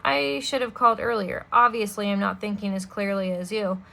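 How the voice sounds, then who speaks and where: A woman voicing a scheming male villain who fakes grief, speaking in a high, fluttery, falsely polite voice. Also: steady tone, normal speed, gravelly, bright, forceful tone. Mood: sly.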